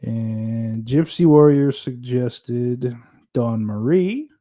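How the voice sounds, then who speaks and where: A man's voice: medium pitch, drawn-out words, mellow. A man co-hosting a podcast, reading live chat comments aloud in crude casual banter, laughing often and swearing freely.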